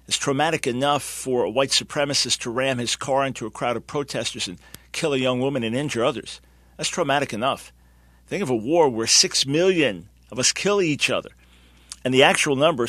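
A man's voice: mid-range voice, a bit bright, dry recording. A man in his sixties hosting Christian talk radio, speaking in an earnest, emphatic, preacherly way. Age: 60s. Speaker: radio host.

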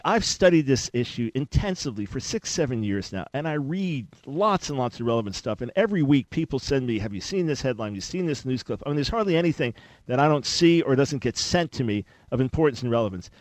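A man's voice: medium pitch, dry recording. A man hosting a radio talk show, speaking conversationally with sudden bursts of emphasis.

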